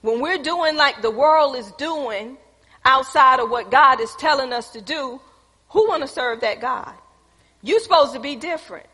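High bright preaching woman. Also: unhurried, breathy edge. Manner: animated preaching, addressing the congregation as y'all, reading scripture aloud. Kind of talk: sermon. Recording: echoey hall reverb.

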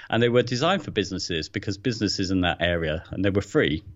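An English man with a deep voice co-hosts a casual podcast, often stumbling and repeating words before he gets going. He speaks quickly with lively intonation, and the recording sounds a little dull and lo-fi.

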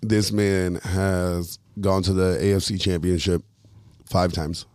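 A man's voice: low voice, flat delivery, slow, darkish tone, dry recording, clean studio sound. A man hosting a podcast in casual chat, rambling, swearing freely and losing his train of thought. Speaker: podcast host.

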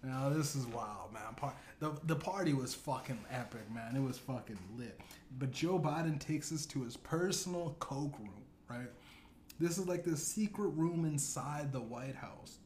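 A man's voice: mid-range voice, lively intonation, a little slow, darkish tone, slight background noise. A man hosting a comedy podcast, telling an absurd story in a rambling, profane way, full of "you know what I'm saying.". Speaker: podcast host. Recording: echoey room with faint ambience.

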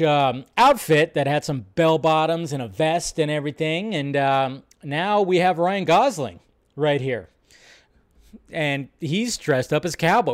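Speaking into a desk mic in a somewhat high voice, a man hosts a casual live stream. He rambles, swears freely, and laughs a lot as he responds to chat.

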